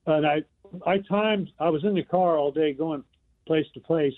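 A man's voice: a little high, moderate pace. An older man calling in to a radio show, rambling as he reminisces about the old days. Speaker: radio caller. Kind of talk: casual phone call-in chat. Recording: phone line.

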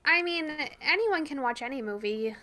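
A young woman co-hosting a podcast in casual chat, playful and quick to laugh. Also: high voice, expressive, bright, forceful tone. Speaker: podcast co-host.

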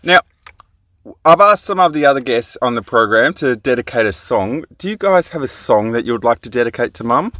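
A woman's voice: extremely low pitch, animated, a little fast, fairly bright tone, dry recording. A woman hosting a radio-style show, coaxing young children through a playful interview in an upbeat, laughing manner.

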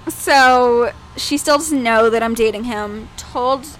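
Animated young woman telling a story. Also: fairly high pitch, takes it slowly, a little hiss or hum. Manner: animated storytelling, acts out quoted voices. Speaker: podcast co-host. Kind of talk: casual chat.

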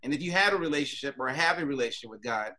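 Lively, bright-voiced male host. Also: medium pitch, very fast, slight background noise. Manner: curious, lively questions, laughs easily. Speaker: podcast host. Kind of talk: casual podcast interview.

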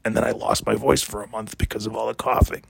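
A middle-aged man, hoarse from heavy coughing, rambling and exasperated in a casual vlog, swearing as he complains. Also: fairly low pitch, monotone, fast, background noise. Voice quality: gravelly, raspy.

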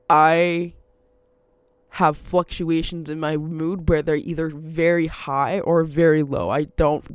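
A woman's voice: deep voice, darkish tone, clean tone, no room sound. Rambling, laughing woman, dry close sound. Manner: rambling, laughs often, swears freely. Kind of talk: casual monologue.

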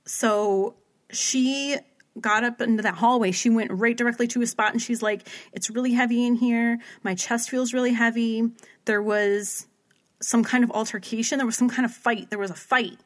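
A woman's voice: fairly high pitch, fairly even intonation, normal speed. Chatty woman rambling through a story. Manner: rambling storyteller, heavy use of "like", acts out quotes. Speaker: podcast co-host recapping a paranormal TV episode. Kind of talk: casual chat.

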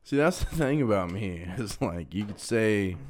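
Young man, low voice, crude jokey podcast chat, laid-back. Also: lively intonation, moderate pace. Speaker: podcast co-host. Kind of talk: crude casual banter.

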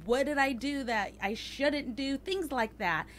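A woman with a fairly high voice hosts a casual talk, reading a date review aloud and breaking in with crude, teasing jokes. Her voice is on the high side, with a faint hum of room noise behind it. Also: measured pace, fairly bright tone. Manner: teasing, profane, joking. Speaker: podcast host.

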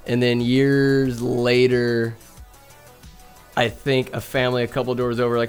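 A man's voice: mid-range voice, flat delivery, moderate pace, smooth, soft background music. Rambling young man telling cat stories. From Northern California. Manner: rambling and chatty, with profanity and laughs. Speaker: vlogger. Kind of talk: casual rambling storytelling. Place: home room with a bookcase.

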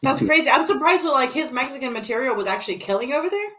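A woman's voice: high-pitched, expressive, rapid-fire, a bit bright. Teasing woman in casual chat.

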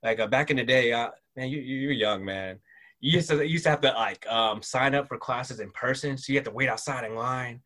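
A man's voice: mid-range voice, brisk. Middle-aged guy rambling thru old stories, lots of ums and restarts, super laid back. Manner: relaxed, rambling, many fillers and restarts. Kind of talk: casual interview storytelling.

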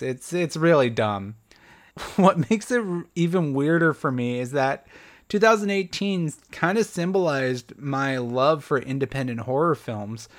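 A young man hosting a solo podcast, reviewing a horror film in a casual, chatty, self-deprecating way with light laughs. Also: medium pitch.

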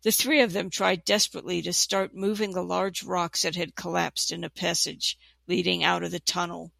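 A narrator reading a fantasy storybook aloud in a steady, plain way. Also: mid-range voice, moderate pace, gravelly, no room sound. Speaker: audiobook narrator.

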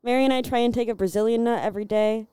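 A young woman from Illinois with a Midwestern accent, rambling through stories on a podcast. Her voice is mellow, smooth and very clear, recorded close and dry. She peppers every phrase with "like" and casual curses. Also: a little high, racing, no room sound. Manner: chatty storyteller, fills talk with "like", swears freely. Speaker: podcast guest, bar door worker. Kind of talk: casual chat.

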